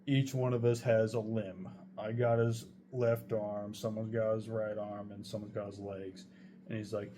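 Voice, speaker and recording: A man's voice: on the low side, little pitch movement, measured pace, warm tone, slight background noise. A young man casually telling a true story, rambling and swearing heavily as he goes. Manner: profane, rambling, heavy swearing.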